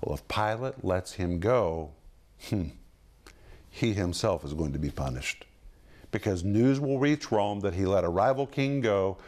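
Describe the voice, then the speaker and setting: A man's voice: deep voice, expressive, a little slow, a little mellow. A man teaching the Bible on television, with an emphatic, dramatic delivery that rises and drops sharply as he explains word meanings step by step.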